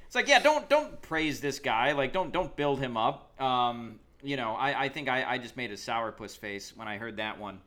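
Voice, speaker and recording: A man's voice: medium pitch, lively intonation, normal speed, hardly any pauses, sharp tone. A man co-hosting a podcast in casual chat, rambling with lots of ums and uhs. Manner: rambling, hesitant with many fillers. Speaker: podcast co-host.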